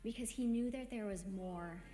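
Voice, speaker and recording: A woman gives a gentle, reflective devotional talk, easing through her thoughts with soft hesitations. Her voice rings through an echoey space with a long reverb tail, and faint music sits low behind her. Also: moderate pace. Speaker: meditation host.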